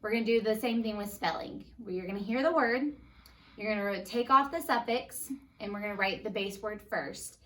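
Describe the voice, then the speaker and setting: A woman teaching a first grade phonics lesson, upbeat and patient, sounding out words slowly for young children. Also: medium pitch, bright, forceful tone, recorded from a distance.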